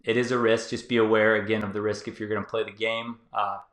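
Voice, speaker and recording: A YouTube channel host gives viewers loose, conversational advice packed with fillers. He talks fast in a lowish, fairly bright voice with little pitch movement, and the room echoes.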